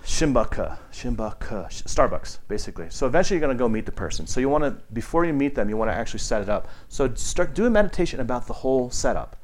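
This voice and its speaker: A man at a middling pitch leads an informal meditation teaching. He rambles and restarts often. He livens things up by acting out the people he quotes. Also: sing-song, very fast, hardly any pauses, a little mellow. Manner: rambling and conversational, with many restarts and fillers. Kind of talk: casual teaching talk to a group.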